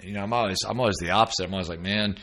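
A man's voice: low voice, rapid-fire. A man hosting a casual chat with a fellow musician, telling stories and acting out the voices of the people in them. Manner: animated storyteller, acts out quoted voices. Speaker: host. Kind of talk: casual conversation between musicians.

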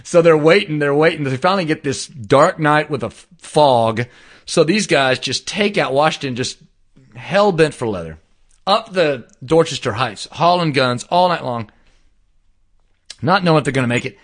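A man telling a story in casual chat, animated and slangy, swearing now and then. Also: fairly high pitch, moderate pace.

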